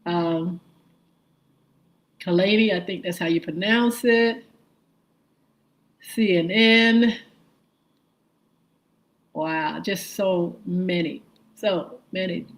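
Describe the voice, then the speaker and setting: A woman's voice: on the low side, poor audio. A woman hosting a live morning show stream, greeting viewers one by one and spelling out their usernames. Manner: slow, warm greetings, spelling out viewer names.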